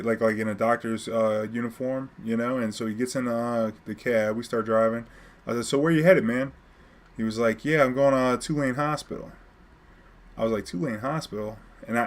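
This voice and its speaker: A young man, telling a taxi story in a casual, animated way, laughing often and acting out what people said. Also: lowish voice. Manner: animated, laughing often, acts out quotes loudly.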